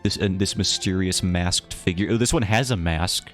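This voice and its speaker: Male streamer, very low voice, loose rambling banter with chat, faint music under it. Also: moderate pace, fairly bright tone. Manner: rambling, playful and self-mocking. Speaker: livestreamer. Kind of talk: casual chat with a live chat.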